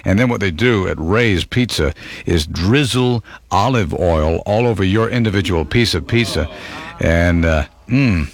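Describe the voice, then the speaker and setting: A man with a low, creaky voice hosts a radio countdown show at a measured pace. He chats playfully with callers and tosses in jokes, keeping the upbeat hosting flowing between phone calls.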